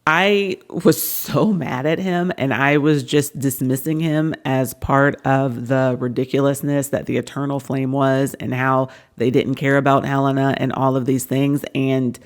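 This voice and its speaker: A woman's voice: very deep voice, a little mellow. A woman hosting a casual book breakdown vlog, earnestly retelling the plot at length. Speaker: book reviewer.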